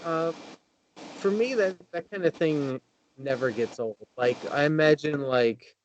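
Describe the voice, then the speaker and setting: A man who wrestles, talking excitedly in a casual roundtable, full of fillers and restarts. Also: on the high side, highs cut off, slight background noise.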